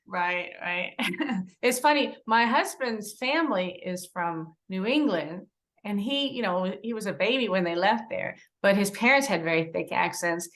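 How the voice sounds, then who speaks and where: A woman asking interview questions in a friendly, unhurried way, often laughing. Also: mid-range voice, expressive, fairly bright tone.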